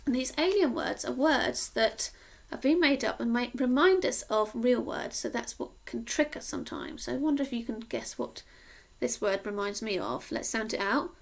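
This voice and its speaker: A woman teacher from Cornwall slowly sounding out words in a sing-song phonics lesson for young children. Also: on the high side, sing-song, creaky. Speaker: primary school teacher.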